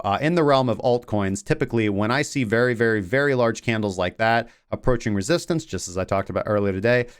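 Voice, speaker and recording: Smooth-voiced rambling crypto host. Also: male voice, on the low side. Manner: rambling, filler-heavy talk. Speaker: crypto trading show host. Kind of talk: casual market commentary.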